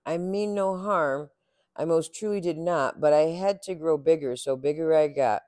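A man's voice: on the high side, normal speed, darkish tone, no echo, clean studio sound. A man narrating a rhyming children's storybook aloud with a rhythmic, sing-song delivery. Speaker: storybook reader.

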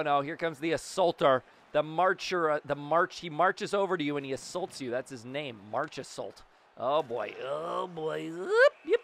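A man giving excited, playful play-by-play of his own gameplay as host of his gaming channel, with sudden shouts. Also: on the high side.

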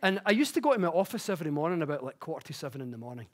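A man giving a conference talk, mixing explanation with chatty, self-mocking personal stories that grow animated. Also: fairly high pitch, very fast. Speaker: conference speaker. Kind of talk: public talk with personal anecdotes. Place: conference stage before an audience.

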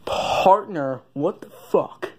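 A hot-tempered redneck father, as a puppet-skit performer puts him on, drawling and gruff. He curses and threatens in a slow, dragging delivery, always on the edge of blowing up. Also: mid-range voice, a little mellow. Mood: baffled. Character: cranky, foul-mouthed redneck father. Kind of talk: comedic puppet-skit voice acting.

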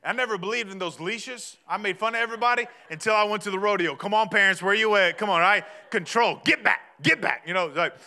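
A man, preaching a sermon in a chatty, storytelling way that rises to shouts. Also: high-pitched, fast talker, few pauses. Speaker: pastor.

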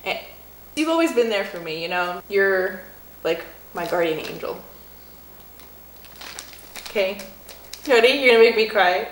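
A woman's voice: medium pitch, animated, measured pace, long pauses, slight background noise. A young woman co-hosting a casual home vlog, giggly and emotional, often repeating herself. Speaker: vlog co-host, girlfriend. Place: home room at Christmas. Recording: echoey room.

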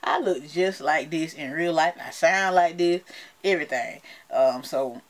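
A woman's voice: low-pitched, a little slow. Woman vlogger, Southern accent, chatty and playful, talks straight to her viewers. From United States. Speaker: beauty vlogger. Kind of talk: casual chat to camera.

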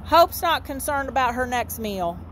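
A woman's voice: high voice, expressive, moderate pace, a bit bright, a little hiss or hum. A woman giving a folksy, informal sermon outdoors, repeating her points and calling her listeners "saints.". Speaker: street minister. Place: outdoors in a dry horse lot.

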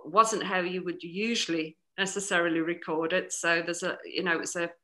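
A woman with a North East English accent, a novelist chatting casually in an interview, animated and full of restarts. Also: on the low side, moderate pace. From North East England. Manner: animated, many restarts and "you know"s. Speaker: novelist guest.

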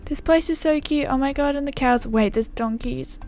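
Casting: bubbly woman gamer commentating her play, gushing, fairly high voice, desktop mic. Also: normal speed, a little mellow, faint music behind. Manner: bubbly, gushing, says "like" and "oh my god" a lot. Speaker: gaming YouTuber. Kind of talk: gameplay commentary. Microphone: desktop microphone.

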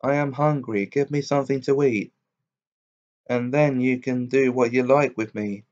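A man's voice: medium pitch, normal speed, a little mellow, lo-fi sound, close to an everyday voice. A man reading a fairy tale aloud, voicing a bold, hungry soldier who speaks in a cheerful, defiant way.

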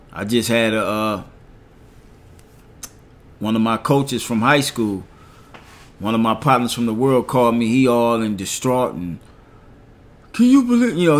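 A middle-aged man delivers a sermon. He reads scripture in a slow, measured way and comments on each verse. He keeps checking in with his listeners by asking "all right?". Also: mid-range voice, fairly bright tone. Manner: reads verses slowly, asks "all right?" after nearly every point. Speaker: preacher.

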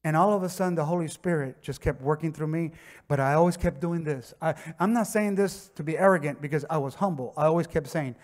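A pastor with a Miami accent preaching a sermon, telling stories conversationally and rising to impassioned shouts. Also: male voice, fairly high pitch, fast. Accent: Miami English. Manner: conversational storytelling with acted quotes. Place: church sanctuary.

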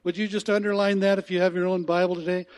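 Male pastor, high-pitched, earnest sermon delivery that repeats key lines for weight. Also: little pitch movement, fast talker, darkish tone, clear, resonant tone. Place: church sanctuary.

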